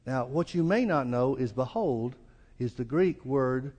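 Animated and measured, a Southern US pastor delivers his sermon in a darkish, breathy-edged voice. He's folksy, acting out quoted lines as his pitch rises, and the church hall adds long reverb.

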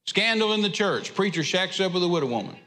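A man preaching with a somewhat high voice, driving his points home with emphatic repetition. His sermon rings out through a church hall with a long, trailing reverb. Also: very animated, quick pace, sharp tone. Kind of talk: sermon storytelling. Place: church sanctuary.

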